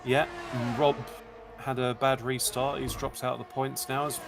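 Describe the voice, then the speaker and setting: Laid-back race co-commentator with music behind. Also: male voice, medium pitch, flat delivery, moderate pace, vocal fry. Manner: laid-back, laughing, joking back.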